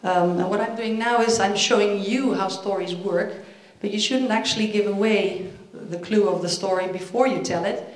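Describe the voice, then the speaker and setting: A woman teacher giving a lively storytelling talk at a conference, acting out jokes. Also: mid-range voice, moderate pace, few pauses. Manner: lively, acts out jokes with voices. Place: conference hall. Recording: echoey conference hall.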